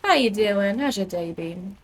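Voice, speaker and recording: A young woman from the United Kingdom streams a game, chatting casually and rambling with plenty of fillers. Her medium-pitched voice is animated and unhurried, and the recording is very noisy.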